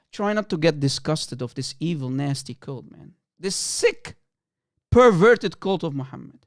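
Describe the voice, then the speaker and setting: A man's voice: fairly high pitch, lively intonation, a little slow, no echo, studio quality. A man hosting a livestream, giving heated, sneering commentary on a clip and laughing often. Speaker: livestream host.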